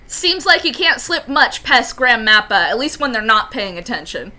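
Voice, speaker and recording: A woman's voice: fairly high pitch, sing-song, normal speed, sharp tone. A woman narrating as game master, hesitant and full of fillers.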